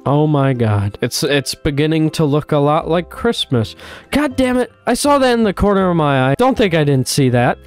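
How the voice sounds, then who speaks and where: A young man giving excitable, swearing commentary while playing a game and talking to his animals. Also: on the high side, normal speed, smooth, soft background music. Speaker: gaming YouTuber. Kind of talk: casual gameplay commentary.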